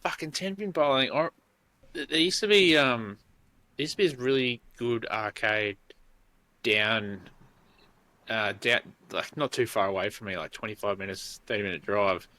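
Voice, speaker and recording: A man's voice: fairly low pitch, moderate pace, pushed and bright, dry recording. An Australian man in his thirties, co-hosting a podcast and telling rambling, sweary stories. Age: 30s. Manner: swears freely, rambling storytelling. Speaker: podcast co-host. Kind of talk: casual chat.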